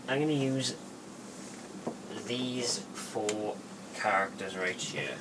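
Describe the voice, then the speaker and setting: A man giving a casual spoken tutorial, rambling and halting with many fillers and restarts. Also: on the low side, background noise. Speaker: video tutorial maker.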